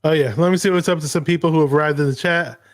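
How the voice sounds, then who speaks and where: A man hosting a live sports reaction show, recapping a game in an excited, rambling way. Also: a little high, rapid-fire, no echo, clean studio sound. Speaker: podcast host.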